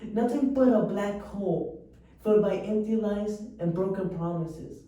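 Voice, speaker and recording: A woman giving an earnest, emotional poetry recitation with slow pauses. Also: mid-range voice, mellow. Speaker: poetry reader. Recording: echoey room, voice far from mic.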